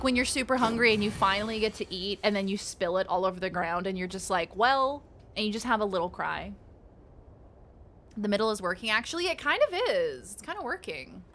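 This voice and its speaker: A woman's voice: medium pitch, a bit bright. A woman streaming a card game, chatting playfully with her viewers, swearing and reading card text aloud as she plays. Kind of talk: casual live-stream chatter while playing.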